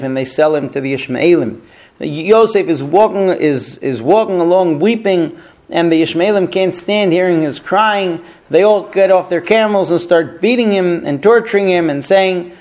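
A man teaching a history lesson, retelling the story with frequent filler pauses. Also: a little high, a little mellow.

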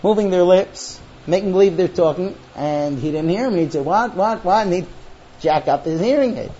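Speaking at normal speed in a high voice, a man teaches about marriage, bringing stories to life by performing quoted husbands and wives. The audio is a dull lo-fi recording with faint ambience.

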